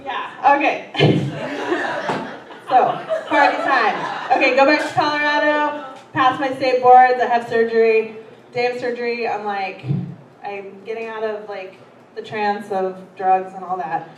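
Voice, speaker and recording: A woman's voice: fairly high pitch, steady tone, measured pace, distant mic. Profane woman doing stand-up from afar. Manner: profane, self-deprecating, laughing through stories. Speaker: stand-up comedian. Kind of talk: stand-up comedy set. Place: comedy theater stage. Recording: roomy hall, heard from afar, noisy.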